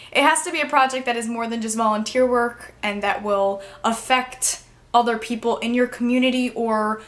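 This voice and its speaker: A teenage vlogger talks straight to her camera in a relaxed, casual vlog, her voice a little high. Bubbly and chatty, she fills her speech with "like," and at moments she sounds emotional, close to tears.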